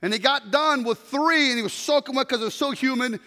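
A man preaching a sermon and telling stories, swinging between loud shouts and hushed, near-whispered passages. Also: very high voice, brisk. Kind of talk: sermon storytelling. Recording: long reverb of a large hall.

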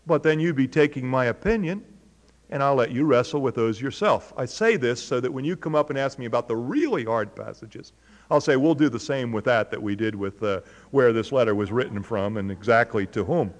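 A man's voice: mid-range voice, a little fast. Man teaching scripture in a reverberant hall. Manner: conversational, asks the audience questions. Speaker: preacher. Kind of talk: Bible teaching.

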